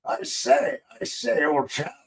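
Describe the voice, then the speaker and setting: A man voicing a fussy upper-class English gentleman in an exaggerated, put-on British accent. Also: sits high, very animated, takes it slowly, gravelly, distant mic, voice pushed up, full character voice. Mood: pompous. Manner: plummy, affected, exaggerated stereotype.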